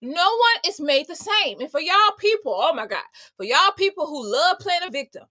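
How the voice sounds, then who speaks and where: Woman host, high bright voice, punchy slangy motivational faith talk to camera. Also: big pitch swings, moderate pace, no echo, clean studio sound. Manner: emphatic, conversational and slangy, addressing listeners directly. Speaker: homemaker, entrepreneur and mother.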